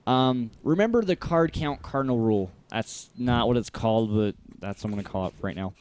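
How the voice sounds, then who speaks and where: A man co-hosting a podcast, joking and animated in casual chat. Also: medium pitch, a little hiss or hum. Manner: animated, joking, quick laughter. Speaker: podcast co-host.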